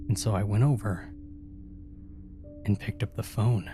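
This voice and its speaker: A man with a fairly low, mellow voice reads first-person horror stories aloud at a normal speed, with faint music in the background. He narrates from a script and gives each character in the dialogue a distinct voice.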